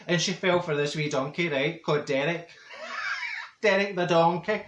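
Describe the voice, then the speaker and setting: A man's voice: a little high, brisk, a bit bright, lightly acted. A man playing a chatty Glasgow auntie. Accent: Glaswegian Scottish. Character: chatty middle-aged Glasgow woman, straight-talking gossip. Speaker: comedy character monologue. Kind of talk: comic storytelling to camera. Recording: roomy echo.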